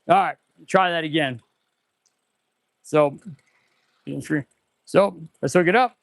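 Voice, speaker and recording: A man who runs an auto repair shop, chatting casually and excitedly on a livestream while he tests parts, rambling to viewers as he works. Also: a little high, slow, no echo. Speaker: auto mechanic and shop owner hosting a livestream. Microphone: clip-on mic.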